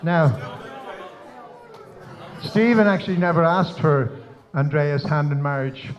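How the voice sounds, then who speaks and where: A man's voice: fairly high pitch, takes it slowly, a faint crowd. Joking Irish father giving a wedding speech. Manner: teasing, joke-telling. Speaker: father of the bride. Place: wedding reception. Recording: slightly dull lo-fi sound.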